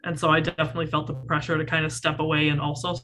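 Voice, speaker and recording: Young female panelist, bright voice, casual, talks in loose run-on phrases. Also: sits low, flat delivery, racing. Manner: casual, frequent "like". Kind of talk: panel discussion over video call.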